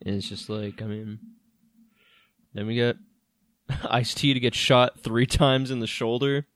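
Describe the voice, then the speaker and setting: A man co-hosting a podcast, recapping a film in animated casual chat, swearing and laughing often. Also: mid-range voice, measured pace, no echo, studio quality. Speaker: podcast co-host.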